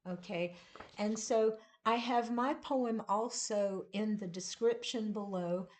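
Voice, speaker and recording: A woman giving a casual online poetry lesson, speaking slowly and deliberately and stressing the rhythm of lines. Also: medium pitch, a little mellow. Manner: slow, deliberate, emphasizing rhythm. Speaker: poetry teacher. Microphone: camera at desk, seen gesturing.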